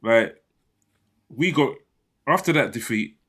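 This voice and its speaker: A man's voice: medium pitch, expressive, slow pace, a bit bright, breathy edge. Stop-start man in casual banter. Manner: stop-start, repeats words while thinking. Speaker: podcast co-host. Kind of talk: casual football chat.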